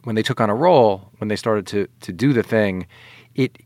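A man's voice: on the low side, normal speed, darkish tone, dry recording, studio quality. A man hosting a casual podcast interview, upbeat and eager as he plugs a show and reminisces with his guest. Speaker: podcast host.

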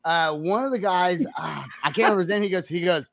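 Excitable Southern American man, bright voice. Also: high-pitched, fast, creaky, no room sound. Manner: excitable, laughs a lot, swears casually. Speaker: podcast host. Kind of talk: casual chat.

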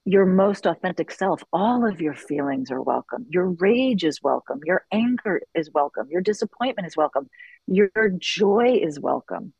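A middle-aged woman who leads sharing circles, talking earnestly and reflectively in an interview, with lively bursts when she quotes others. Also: on the low side, normal speed, creaky, husky, no echo, highs cut off. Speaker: circle facilitator. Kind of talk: conversational interview.

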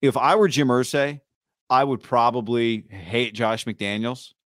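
A man co-hosting a casual sports podcast, speaking in a wry, deliberate, sarcastic manner. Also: mid-range voice, fairly even intonation, no echo, studio quality. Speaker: podcast co-host.

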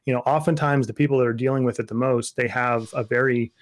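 A man sharing his personal story in an interview, earnest and intense, dropping to a soft low voice and then building to emphatic outbursts. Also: fairly even intonation, fast talker. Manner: intense, voice drops low and soft in tender moments.

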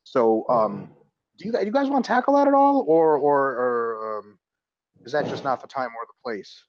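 A man's voice: medium pitch, big pitch swings, moderate pace, no echo, lo-fi sound. A man speaking bluntly and with animation in a casual panel discussion, swearing freely as a coach.

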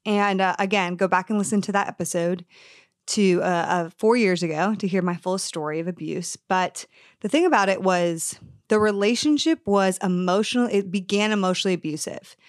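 A woman's voice: mid-range voice, moderate pace, no echo, clean studio sound. A woman in her thirties hosting a podcast, telling a personal story and giving advice in an earnest, candid way. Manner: earnest, candid, acts out quoted dialogue. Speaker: podcast host.

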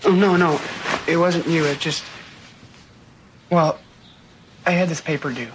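A man's voice: a little high, fairly even intonation, measured pace, background noise, natural voice. An actor playing a shy awkward young guy, hesitant, nervous, film soundtrack ambience behind him. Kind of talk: film dialogue.

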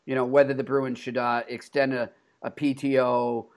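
A man co-hosting a podcast, telling animated stories about a hockey player with lots of laughter and restarts. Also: medium pitch, normal speed. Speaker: podcast co-host, hockey reporter. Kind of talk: casual storytelling chat.

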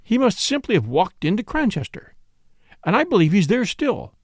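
A man's voice: sits high, wildly swooping pitch, normal speed, no echo, studio quality, pitched above the performer's own voice, heavily acted. A man voicing a bossy, opinionated middle-aged woman who lectures everyone in an insistent, scolding way. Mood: eager.

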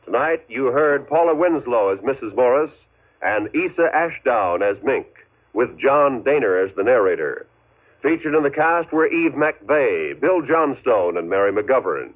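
A man reading credits and promotions as a formal 1950s radio announcer. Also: mid-range voice. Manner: formal and polished. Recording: dull old radio broadcast.

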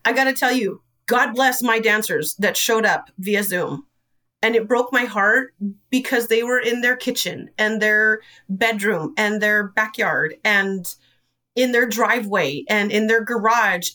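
A woman's voice: mid-range voice, a little slow, pushed and bright, distant mic. A woman who directs a dance studio, telling her story as an interview guest in an earnest, emotional way. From Idaho.

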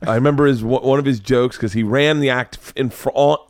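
A man's voice: medium pitch, fairly even intonation, brisk, dry recording, clean studio sound. Laughing, profane storytelling man. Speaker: podcast host and comedian. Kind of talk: casual storytelling chat.

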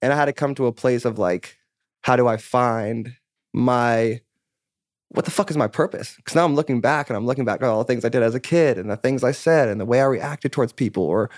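In a clean studio recording with no room sound, a roughly thirty-year-old musician chats on a casual podcast interview. He speaks briskly in a mid-range voice, rambling through his story candidly with plenty of "like" and swearing.

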